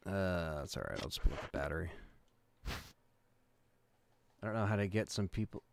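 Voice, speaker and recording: A man's voice: low voice, measured pace, vocal fry. A man chatting casually with his viewers while playing a game, reading their comments aloud. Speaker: game streamer. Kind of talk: casual live stream chat while gaming. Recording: noisy stream with mouse clicks.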